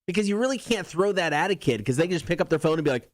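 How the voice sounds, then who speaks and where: A somewhat high-pitched man hosting morning radio, his voice rising and falling a lot. he reads out listener posts and the call-in line in an easygoing way. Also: lively intonation, very fast. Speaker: radio show co-host. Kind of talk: casual morning radio banter. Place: radio studio.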